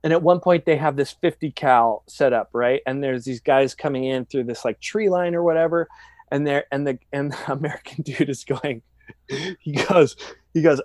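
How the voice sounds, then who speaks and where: Man, casual profane storyteller, slightly high voice, dry sound. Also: moderate pace, no room sound. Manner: profane, rambling, animated storyteller.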